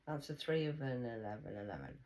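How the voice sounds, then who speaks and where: A woman giving a rambling spiritual monologue, swinging between loud exclamations and soft whispers. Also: extremely low pitch, sing-song, brisk, low-quality recording. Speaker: spiritual vlogger.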